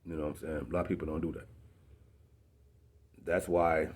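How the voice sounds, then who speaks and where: A man's voice: a bass voice, level tone, fairly quick, darkish tone. A young man, a rapper, telling a casual story in street slang, often asking "you know what I'm saying". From South Bend, Indiana.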